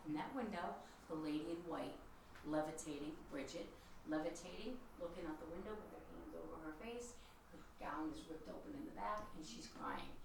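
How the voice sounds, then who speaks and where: Chatty woman tour guide with a low, gravelly voice, telling ghost stories, recorded from a distance in an echoey room. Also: slight background noise. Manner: chatty, animated storytelling with quoted voices. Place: old house, indoors.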